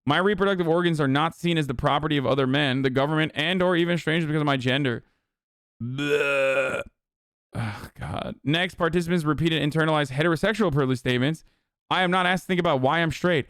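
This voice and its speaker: A man's voice: fairly high pitch, fast, fairly bright tone, clear, resonant tone, dry recording, clean studio sound. A man streaming live, reading text aloud and reacting with blunt, profane, exasperated rants.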